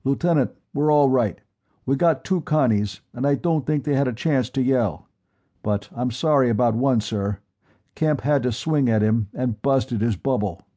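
A man voicing a tough veteran male sergeant major who speaks briskly and commands. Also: mid-range voice, dark tone, close to an everyday voice. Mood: reporting.

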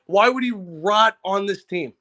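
New man, sports caller, angry profane rant, high bright voice. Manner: angry, profane, rapid-fire ranting. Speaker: caller on a sports talk show. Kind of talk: ranting casual chat.

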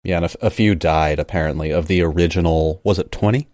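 Very deep voiced guy chatting books on a podcast, laughs a lot, dry close sound. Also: quick pace, darkish tone, no echo. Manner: laughs often, reads passages aloud. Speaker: podcast co-host. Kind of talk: casual book discussion.

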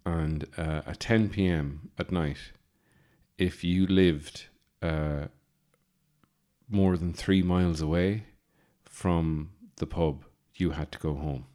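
An Irish man in his thirties with a very deep, low voice tells a comic story in a casual monologue. He rambles and goes off on tangents, filling gaps with ums and uhs and poking fun at himself. His Midlands accent comes through plainly. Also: fairly even intonation, slow pace, dark tone. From Ireland. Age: 30s. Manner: rambling, digressive, self-mocking, lots of fillers.

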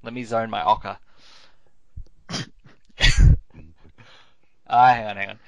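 A man's voice: fairly low pitch, steady tone, takes it slowly, vocal fry, fairly bright tone, dry recording. A man hosting a podcast in casual chat, playful and laughing often as he runs the segment on a close mic. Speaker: podcast host.

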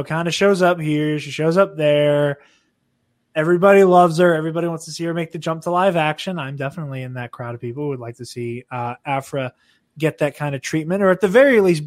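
A man's voice: a little high, dry recording, clean studio sound. A man hosting a podcast, chatting casually with enthusiasm, lots of fillers and the odd swear for emphasis. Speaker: podcast host. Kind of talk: casual chat.

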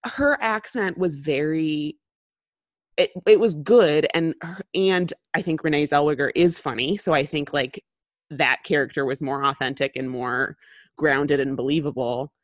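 A woman in her thirties co-hosting a casual podcast chat, talking fast and loose with lots of fillers and restarts. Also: deep voice, no echo, studio quality. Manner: chatty, many fillers and restarts. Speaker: podcast co-host.

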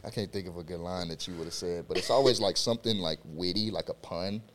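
A man's voice: deep voice, a little fast, noisy background. A young man, a student athlete, chatting casually and rambling on a podcast. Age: young adult. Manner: relaxed, rambling, filler-heavy. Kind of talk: casual chat.

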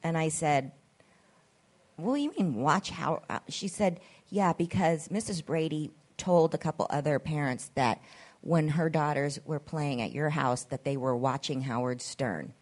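Lady podcast host rambling through a story, slightly low voice, does everyone's voices. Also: a little slow. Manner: animated, acts out quoted voices, swears freely. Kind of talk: casual storytelling chat.

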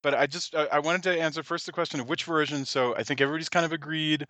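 A man's voice: a little high, steady tone, fast talker, sharp tone, no echo. A man hosting a casual film podcast, rambling and restarting his sentences. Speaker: podcast host.

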